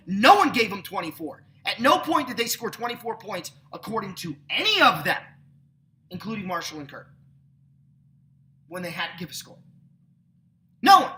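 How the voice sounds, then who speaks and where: In an echoey room, a man hosting a sports podcast rants indignantly and sarcastically, giving his sports opinions in an extremely high-pitched, sharp voice.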